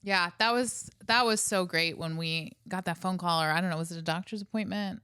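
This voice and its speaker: A woman in her thirties co-hosting a podcast, speaking candidly and relaxed in casual chat. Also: lowish voice, brisk, smooth, dry recording, clean studio sound. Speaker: podcast co-host.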